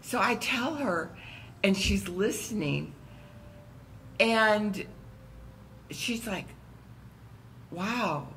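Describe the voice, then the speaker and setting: A woman at a church round table, telling a story in a casual, animated way and acting out the voices in it. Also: medium pitch, drawn-out words, long pauses, slight background noise, low-quality recording. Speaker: church member.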